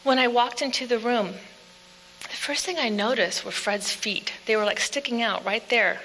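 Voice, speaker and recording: A woman giving an earnest personal testimony speech in plain storytelling, dropping to quiet passages. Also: a little high, normal speed. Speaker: speaker telling her own story. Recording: echoey hall with faint hum.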